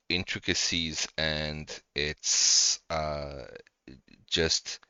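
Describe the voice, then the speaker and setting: A male co-host chatting casually on a live stream, laid-back and agreeable, speaking in halting phrases. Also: extremely low pitch, pushed and bright, smooth, no room sound, lo-fi sound.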